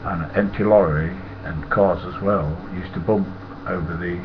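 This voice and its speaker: Older man, Nottingham accent, low voice, rambling chuckling storyteller, muffled hissy recording. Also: steady tone, moderate pace. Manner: rambling, chuckles, swears freely. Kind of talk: casual anecdote telling. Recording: muffled lo-fi with loud hiss.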